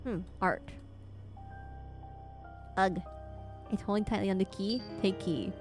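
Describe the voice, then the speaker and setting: A woman's voice: mid-range voice, slow pace, darkish tone. A woman giving casual let's-play commentary on a horror game, reading game text aloud with wry asides. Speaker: gamer playing a horror game. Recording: faint game music behind.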